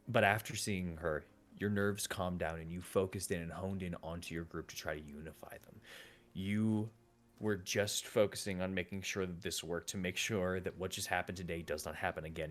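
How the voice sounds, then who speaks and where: A man running a tabletop game as game master, narrating in a rambling, self-correcting way with many fillers. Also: sits low.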